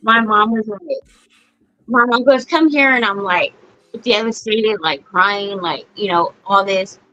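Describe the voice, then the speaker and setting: A woman's voice: mid-range voice, a little slow, sharp tone, no room sound. A middle-aged woman hosting a podcast, telling family stories bluntly with plenty of swearing. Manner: blunt, profane storytelling. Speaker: podcast host. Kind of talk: casual chat. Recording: dull lo-fi sound.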